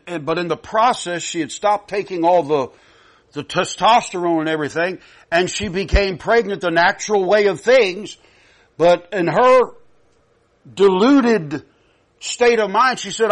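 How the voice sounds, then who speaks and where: A man preaching a sermon, emphatic, rising loud and dropping soft, repeating himself often. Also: fairly high pitch.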